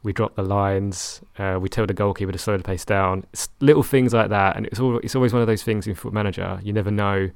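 Low gravelly man, rambling chat. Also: fairly even intonation, fairly quick, few pauses, no room sound, clean studio sound. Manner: rambling, self-correcting, wry. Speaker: streamer discussing a football management game. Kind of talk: casual chat.

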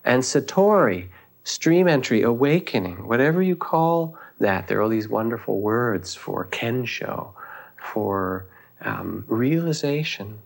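With a mid-range, expressive, somewhat creaky voice, a male meditation teacher tells a teaching story during a dharma talk. His delivery is unhurried and reflective, marked by thoughtful pauses.

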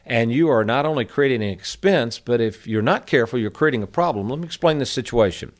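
A man's voice: medium pitch, expressive, fast. Folksy middle-aged male radio host, chatty advice talk. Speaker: radio show host, annuity advisor. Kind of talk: casual financial advice talk.

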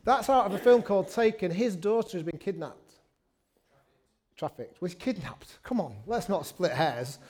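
Casting: a male preacher with a high, light voice, chatty and storytelling, jokes at his own expense. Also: lively intonation, normal speed, darkish tone. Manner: chatty storytelling with self-deprecating asides. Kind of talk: sermon.

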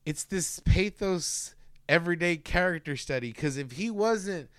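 A man with a higher-than-usual, smooth and resonant voice talks through a film in casual, profane chatter. He slips into silly voices and sound effects as he goes. The sound is dry and close. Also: lively intonation, unhurried, no room sound. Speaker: podcast co-host discussing a film.

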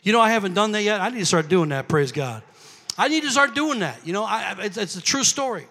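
High bright-voiced preacher in a big hall. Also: male voice, expressive, quick pace. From grew up Pentecostal. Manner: builds from quiet storytelling to shouting calls to the crowd. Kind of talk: sermon storytelling. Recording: long hall reverb.

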